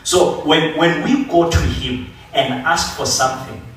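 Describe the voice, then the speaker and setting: Brief: male preacher, high-ish voice, animated storytelling sermon, booming church hall, mic at a distance. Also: measured pace. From South Africa. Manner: animated storytelling, acting out biblical figures. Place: church sanctuary. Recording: echoey church hall from far off.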